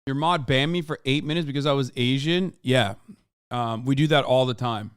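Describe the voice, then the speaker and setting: A man's voice: mid-range voice, normal speed, smooth, no room sound, studio quality. A young man streaming, reacting to clips with sarcastic, profane commentary and bursts of laughter. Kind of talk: casual livestream commentary.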